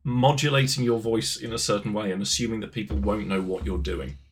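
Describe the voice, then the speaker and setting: A man's voice: fairly low pitch, fairly even intonation. A man co-hosting a podcast in casual chat, teasing and jokey. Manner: teasing, jokey, quick asides. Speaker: podcast co-host.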